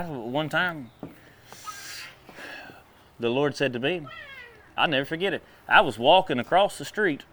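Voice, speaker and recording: A man preaching a sermon in a folksy, animated way, drawling and then breaking into sudden loud bursts. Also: mid-range voice, slight background noise.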